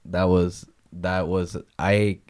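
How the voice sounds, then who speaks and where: A man with a low, deep voice hosts a casual podcast interview. He is eager and laughs often. His questions run long and loop back on themselves. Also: level tone, slow, darkish tone. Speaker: podcast host.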